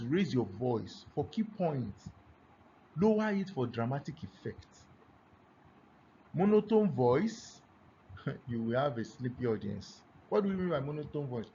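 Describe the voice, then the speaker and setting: A man teaching a lesson on speaking skills, deliberately swinging between loud and soft for emphasis. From Nigeria. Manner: deliberately varies pitch and loudness, emphatic. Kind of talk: classroom lesson on public speaking. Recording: dull lo-fi recording with faint noise.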